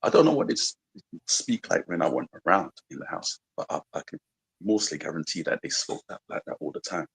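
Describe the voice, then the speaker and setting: Reflective and rambling, full of "you know" and "like," a musician from London with a faint American twang chats as a guest in a casual radio interview. His low voice is brisk, slightly rough, with vocal fry and lively intonation, and the audio is poor.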